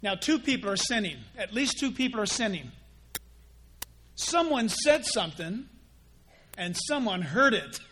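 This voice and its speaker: A male pastor preaching with a high, light voice. He moves between plain teaching and playful impressions of gossipers and showy prayers, always driving his point home. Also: measured pace, pauses often, slight background noise. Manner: animated, mimics gossips and pray-ers in quoted voices. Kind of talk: sermon.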